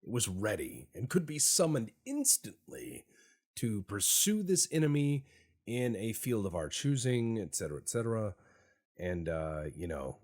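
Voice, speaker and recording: A man's voice: fairly low pitch, darkish tone. A man giving wry, meandering, sarcastic commentary while playing a strategy game. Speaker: gaming YouTuber. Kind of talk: casual gameplay commentary.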